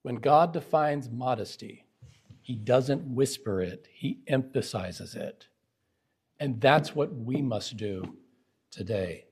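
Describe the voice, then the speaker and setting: Husky, emphatic male preacher. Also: mid-range voice, lively intonation, slow pace, darkish tone. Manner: emphatic, asks the audience rhetorical questions. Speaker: preacher teaching Bible syntax. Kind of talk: sermon-style Bible lesson.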